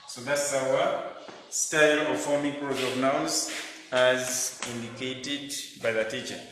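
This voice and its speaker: Slow-spoken male teacher in an echoey room. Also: mid-range voice, fairly even intonation. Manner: slow, deliberate, spells out letters. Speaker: primary school English teacher. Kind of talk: classroom grammar lesson. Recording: echoey room, distant mic, faint noise.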